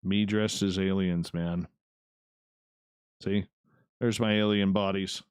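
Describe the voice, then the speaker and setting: A man's voice: low-pitched, level tone, slow, clean tone, no room sound, clean studio sound. A man hosting an online radio show, chatting loosely with viewers and talking to himself as he works. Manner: loose, rambling, talks to himself while working. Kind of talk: casual chat reading live viewer comments.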